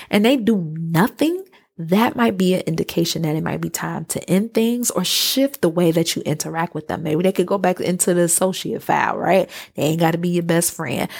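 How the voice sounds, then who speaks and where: Gravelly-voiced woman podcast host. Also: lowish voice. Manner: animated, acts out quoted voices, casual slang. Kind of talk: solo podcast monologue.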